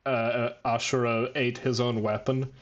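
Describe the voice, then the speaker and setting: Excitable, swearing man chatting on a podcast. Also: moderate pace, muffled recording. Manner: excitable, swears a lot, jumps into high squeaky voices when quoting characters. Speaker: podcast host. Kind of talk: casual chat about manga.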